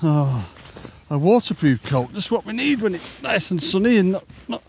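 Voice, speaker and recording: Brief: English male angler host, high bouncy voice, overheated chatter by a lake. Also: normal speed, creaky, a little hiss or hum. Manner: excitable, chatty, exclaiming and groaning. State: overheated, panting. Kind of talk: banter while fishing outdoors. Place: outdoors at a fishing lake.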